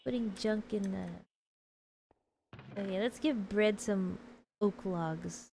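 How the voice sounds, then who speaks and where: A woman's voice: mid-range voice, takes it slowly, vocal fry, mellow, a little hiss or hum, low-quality recording. A woman streaming a game, chatting casually, answering chat and laughing often.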